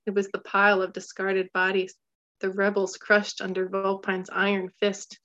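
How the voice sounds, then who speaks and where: A woman's voice: medium pitch, muffled recording. Woman narrating a storybook. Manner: steady, measured, slows for tension. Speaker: audiobook narrator.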